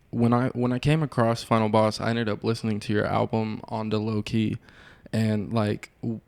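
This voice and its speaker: A man's voice: fairly low pitch, vocal fry, darkish tone, clean tone, no echo. A man hosting a podcast, asking casual interview questions, cursing loosely and filling with "like". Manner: casual, swears freely, fills with "like". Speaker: podcast host.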